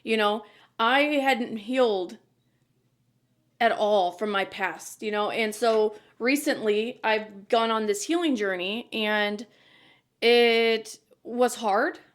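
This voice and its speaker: A woman's voice: mid-range voice, slow pace. A woman in her thirties hosting a podcast, talking candidly and earnestly in a casual chat. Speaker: podcast host.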